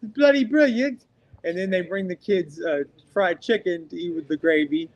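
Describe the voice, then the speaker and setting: A man's voice: a little high, steady tone, normal speed, rough recording. Rambling, profane man on a podcast. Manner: rambling, profane, heavy on "like" fillers. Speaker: podcast co-host. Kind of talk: casual podcast chat.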